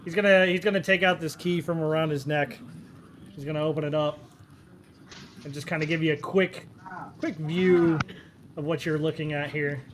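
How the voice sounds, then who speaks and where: A man's voice: on the high side, fairly even intonation, normal speed, long pauses, a little hiss or hum. A man narrating as game master of a tabletop role-play, casual and amused with many fillers.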